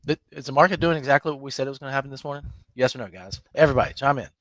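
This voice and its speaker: A man's voice: medium pitch, racing, a bit bright, dry recording. A man hosting a live trading room, talking emphatically to his viewers, scolding them and laughing often.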